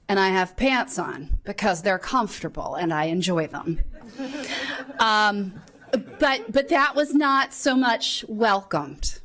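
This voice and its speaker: A woman's voice: on the low side, fairly bright tone. A woman in her forties, a council member, giving earnest, reflective formal remarks.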